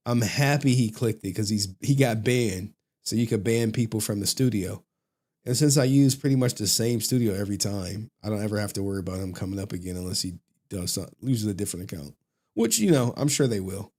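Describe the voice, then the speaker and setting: A man's voice: fairly low pitch, a little fast, darkish tone, husky. A man hosting a livestream, chatting casually in a loose, profane, joking way and laughing often. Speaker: livestream host.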